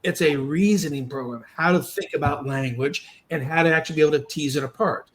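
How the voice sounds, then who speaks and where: A man hosting a podcast, explaining reading steps in a quick, encouraging, coaching way. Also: on the high side. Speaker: podcast host and reading instructor. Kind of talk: conversational coaching.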